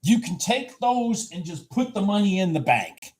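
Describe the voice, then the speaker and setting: Husky guy hyped up calling trades live, voice jumping all over, kinda high. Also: moderate pace. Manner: excitable, exclaiming, repeats himself. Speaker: futures trader streaming live. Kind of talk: live trading commentary.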